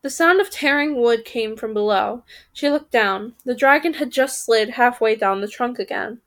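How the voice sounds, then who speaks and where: A woman's voice: fairly high pitch, normal speed. A woman reading a children's fantasy story aloud, voicing the characters and stopping to correct her own slips.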